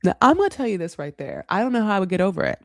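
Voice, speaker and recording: A woman's voice: medium pitch, very animated, very fast, vocal fry, dry recording, clean studio sound. A woman hosting a casual reality TV recap, chatty and frank, swearing freely and putting on dramatic voices when she quotes people. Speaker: recap show host.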